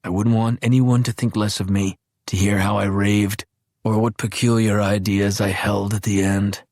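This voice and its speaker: A man's voice: fairly low pitch, flat delivery, moderate pace, darkish tone, no echo, natural voice. A man voicing a frail old man near death, genteel and wry, in a dry, knowing manner. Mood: insistent.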